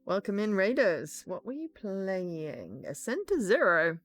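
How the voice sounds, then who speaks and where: Chatty, giggly woman streamer with an animated voice, casual game commentary. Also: mid-range voice, a little slow, hardly any pauses, dry recording, soft background music.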